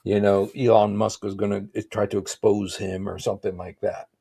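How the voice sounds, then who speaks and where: A man's voice: lowish voice, little pitch movement, normal speed, creaky, mellow, slightly rough. A man hosting a livestream, giving rambling, casual reaction commentary with frequent exclaimed asides. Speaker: livestream host.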